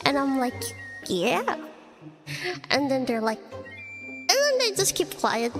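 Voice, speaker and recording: A slow-talking young woman with a slightly high voice, chatting casually as a streamer and rambling through her story with constant fillers and little giggles. Her voice carries a long reverb tail, and music plays clearly behind her. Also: wildly swooping pitch. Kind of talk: casual chat.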